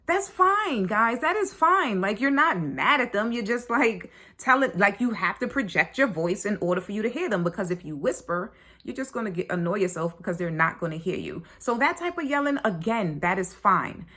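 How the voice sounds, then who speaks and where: A woman's voice: mid-range voice, expressive, brisk, sharp tone. A woman parenting coach talking casually to her course members, chatty and blunt, tagging sentences with "right?" and "like" and swearing freely. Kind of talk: casual online course talk.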